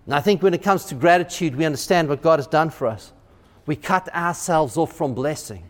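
In a church, a male pastor preaches animatedly, often repeating words and acting out quotes. His voice is a little high and fairly quick, with a big-room sound.

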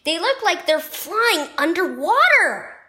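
A woman's voice: extremely high pitch, big pitch swings, takes it slowly, sharp tone, voice pushed up, full character voice. A woman voicing a cheerful young girl in a children's storybook devotional, speaking eagerly. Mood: excited. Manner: eager, chirpy.

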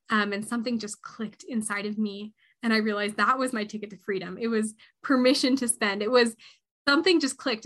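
Young woman in her 20s, interview guest, earnest and reflective, slightly high, bright voice. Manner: earnest and reflective, with frequent restarts. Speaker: podcast guest, harpist. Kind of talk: interview answers.

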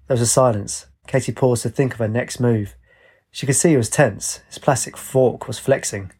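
A man narrating a story in a steady, plain audiobook reading. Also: mid-range voice, moderate pace, husky.

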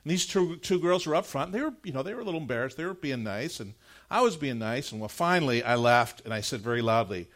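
A middle-aged male pastor preaching a sermon, telling a personal story in an animated, conversational way before leading into prayer. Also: medium pitch. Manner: earnest, measured prayer closing the sermon.

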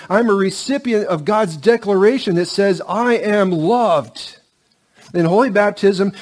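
A high-pitched, middle-aged pastor delivers a sermon with earnest emphasis. He slows and lowers his voice to a hush on the lines that matter most.

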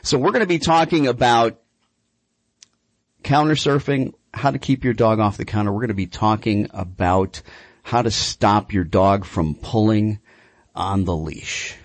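A man hosting a radio talk show about dogs, telling a rambling, lively story with frequent restarts. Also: lowish voice, a little slow, dry recording. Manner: lively, rambling anecdote with repeated words. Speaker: radio show host and dog trainer.

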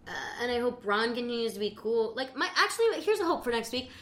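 A woman's voice: a little high, sing-song, fast, fairly bright tone. A woman hosting a podcast, chatting casually, giggling and rambling with lots of fillers. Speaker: podcast host. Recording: roomy echo.

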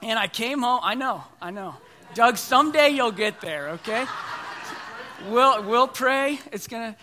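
A man's voice: very high-pitched, animated, measured pace, bright, forceful tone. A man in his thirties preaching a sermon, telling stories in a conversational, self-deprecating way.

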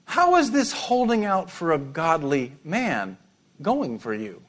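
A preacher voicing a sly male serpent who tempts with low, quiet, insinuating questions. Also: wildly swooping pitch, slow, full character voice.

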